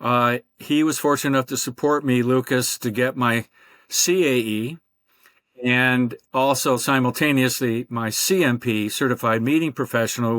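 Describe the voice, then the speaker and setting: Older guy rambling thru his career story on a podcast, lots of uhs, mid-pitched, super dry sound. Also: fairly bright tone, no room sound. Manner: rambling storyteller with many fillers. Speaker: podcast guest. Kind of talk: conversational interview.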